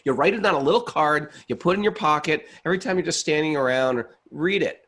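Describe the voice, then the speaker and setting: A man with a slightly husky voice chats casually about scripture. He turns playful and coaxing, pushing the audience to take up a simple habit. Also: medium pitch, very animated, brisk, fairly bright tone. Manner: playful, urging listeners directly. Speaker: podcast co-host. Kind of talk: casual chat.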